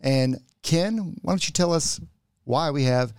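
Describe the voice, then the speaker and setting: A man's voice: on the high side, unhurried, a little mellow, clean tone, dry recording, studio quality. A man co-hosting a podcast, welcoming listeners in an upbeat, casual way. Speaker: co-host.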